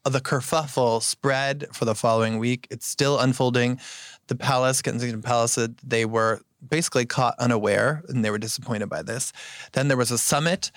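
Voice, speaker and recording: A man hosting a casual podcast chat, briskly recapping news and handing the talk to his co-hosts. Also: medium pitch, steady tone, fairly bright tone, no echo, clean studio sound. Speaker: podcast host.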